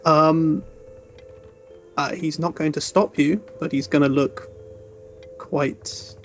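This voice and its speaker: A man runs a tabletop game as game master. He narrates slowly in a fairly high voice, pausing with fillers as he sets scenes and calls for rolls. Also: steady tone, soft background music. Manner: unhurried, with fillers.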